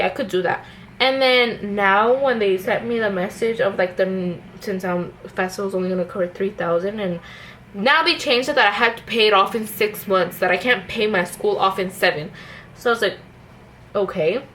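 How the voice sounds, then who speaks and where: A woman's voice: medium pitch, fairly bright tone, a little hiss or hum, poor audio. A young woman, a stay-at-home mom, chatting in a rambling way with many fillers and restarts while she does her makeup at home. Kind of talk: casual get-ready-with-me chat. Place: at home, indoors.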